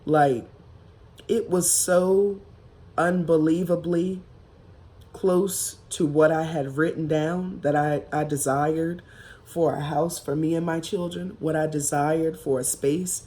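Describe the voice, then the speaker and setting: A woman vlogger telling a personal story in a casual, emphatic and reflective way, with drawn-out pauses. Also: low voice, steady tone, mellow.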